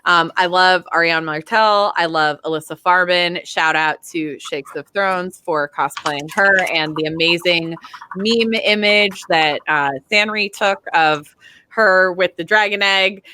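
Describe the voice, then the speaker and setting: A woman's voice: on the low side, a little slow, pushed and bright, smooth. A woman guest in casual fan chat, bubbly and rambling, with lots of fillers.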